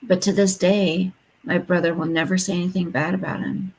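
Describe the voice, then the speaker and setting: Woman, live stream host, low-pitched, raspy fry, chatty. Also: fairly even intonation, moderate pace, a little mellow, rough recording. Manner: reads viewer comments aloud and chats back. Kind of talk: casual live chat reading comments.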